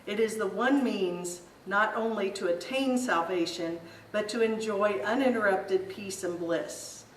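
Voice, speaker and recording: A woman's voice: mid-range voice, measured pace. A woman giving an informal spiritual talk to a group in a meeting room, telling stories in a chatty way and laughing easily. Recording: roomy echo, distant mic, faint hiss.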